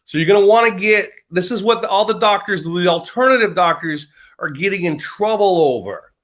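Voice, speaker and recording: A man's voice: high-pitched, expressive, brisk, fairly bright tone. An American man in casual chat, rambling and joking, often breaking into laughter mid-sentence. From United States. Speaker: guest. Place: lives in Britain.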